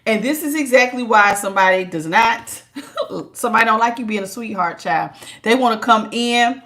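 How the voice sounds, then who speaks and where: A woman with a slightly high voice runs a live tarot reading. She talks straight to her viewers with teasing asides and frequent laughs, and calls them child and honey along the way. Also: expressive, normal speed, pushed and bright. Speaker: tarot reader.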